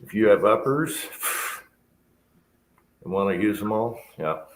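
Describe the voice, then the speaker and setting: Low-voiced man rambling in an echoey room. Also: animated, measured pace. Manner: easygoing, rambling, lots of yeahs. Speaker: livestream host. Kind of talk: casual chat. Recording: echoey room with faint background noise.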